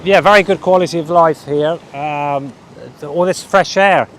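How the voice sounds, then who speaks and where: A Glasgow-born man with a southern English accent, chatting as a guide on an outdoor coastal walk, halting and restarting his sentences. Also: on the high side, a bit bright. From Scotland. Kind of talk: casual tour chat.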